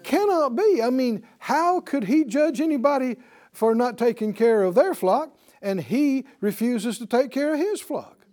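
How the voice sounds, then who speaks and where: A man's voice: very high voice, unhurried. A man preaching a sermon to a live audience. He talks animatedly and keeps asking the listeners questions to draw out their replies. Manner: animated, asks the audience questions for call-and-response. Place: teaching before a live audience.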